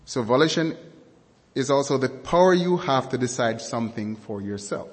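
A man preaching a sermon, speaking slowly and deliberately and repeating key words and definitions for emphasis. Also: medium pitch, lively intonation, in a large hall.

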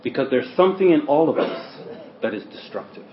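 A man preaching a sermon in a church hall, who swings between loud stresses and quiet asides. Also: fairly high pitch, lively intonation, brisk, slight background noise. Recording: roomy, dull lo-fi sermon recording.

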